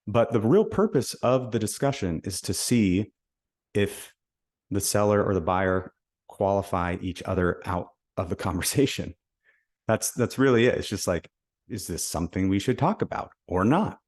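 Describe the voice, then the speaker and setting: Low-voiced man coaching on sales calls. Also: expressive, moderate pace, darkish tone. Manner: conversational, acts out sales calls. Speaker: podcast host. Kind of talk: casual sales coaching talk.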